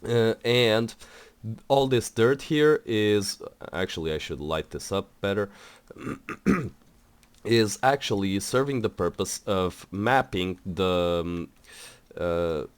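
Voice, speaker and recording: A man's voice: on the low side, slow pace, clean tone, no room sound. A young man hosting a building game video, talking in a rambling, hesitant way with many fillers and restarts. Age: young adult. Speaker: let's play host. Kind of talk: casual gameplay commentary.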